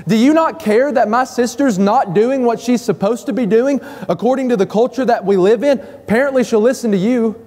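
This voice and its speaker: A woman's voice: fairly high pitch, mellow, pitched above the performer's own voice. A man preacher voicing an irritated, aggressive woman who demands help and throws her complaint in someone's face. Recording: long reverb of a church hall.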